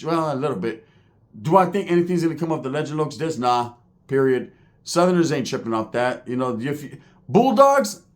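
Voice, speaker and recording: A middle-aged man with a slightly raised voice delivers a loose, animated commentary rant. He talks in streetwise slang and keeps drifting into tangents and asides. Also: fairly high pitch.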